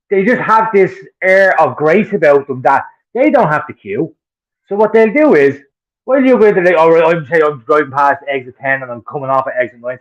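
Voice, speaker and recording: Fast-talking Irish man ranting. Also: fairly high pitch, dull audio. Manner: profane, heated ranting storyteller. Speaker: podcast co-host. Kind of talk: casual chat.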